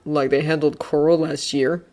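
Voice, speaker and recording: A woman's voice: low voice, flat delivery, moderate pace, darkish tone, lightly acted. A woman reading a stubborn schoolboy wizard. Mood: determined. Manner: earnest, determined. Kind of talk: fan audiobook character voice.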